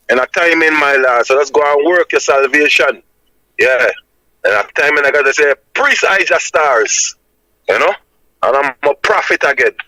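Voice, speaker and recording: Insistent high-voiced Jamaican man preaching. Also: sharp tone, dry recording, poor audio. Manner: emphatic and insistent, repeating "my lad" as a tag. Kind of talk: preaching-style reasoning.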